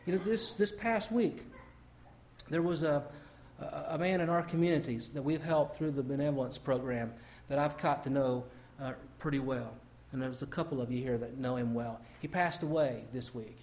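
A man's voice: medium pitch, normal speed, a little mellow, slight background noise. A middle-aged man preaching a conversational sermon to his congregation, often repeating and restarting words as he goes. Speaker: pastor.

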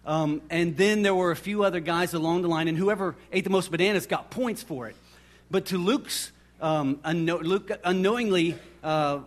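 A middle-aged man preaching a sermon, telling personal stories and acting out what people said. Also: high-pitched. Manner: storytelling, animated, acts out quoted voices. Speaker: pastor.

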